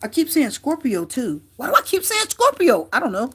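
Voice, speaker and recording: A woman's voice: high voice, wildly swooping pitch, normal speed. A woman giving a casual tarot reading to her viewers, chatty and prone to repeating herself. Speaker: tarot reader.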